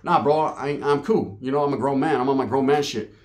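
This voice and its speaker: A man's voice: medium pitch, steady tone, a little fast, a little mellow. A man from Merced, California, telling a street story to his channel in casual, profane, slang-heavy talk. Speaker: YouTube storyteller.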